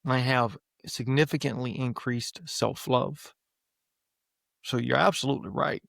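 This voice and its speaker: A man's voice: medium pitch, moderate pace, gravelly, fairly bright tone, dry recording, clean studio sound. A man speaking earnestly in a conversation, repeating phrases as he searches for his words. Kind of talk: reflective conversational talk.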